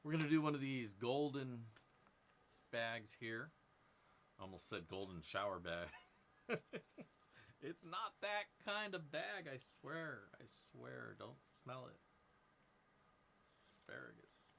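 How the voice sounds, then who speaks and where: A man's voice: medium pitch, very animated, slow, vocal fry, long pauses, fairly bright tone, a little hiss or hum. A man hosting a casual live stream, joking and rambling to his viewers while he works at a workbench. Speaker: live-stream host prospecting for gold. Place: indoor workbench.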